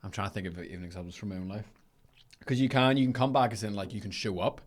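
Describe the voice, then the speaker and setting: A man hosting a podcast, asking questions in a jokey, casual way. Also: on the low side. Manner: jokey, quick reactions. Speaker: podcast host. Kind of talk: casual interview chat.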